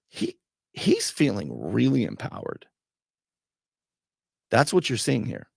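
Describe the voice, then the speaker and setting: A man's voice: medium pitch, creaky, slightly rough, no echo, clean studio sound. A man hosting a talk show, commenting on a played clip with sarcastic, mocking remarks.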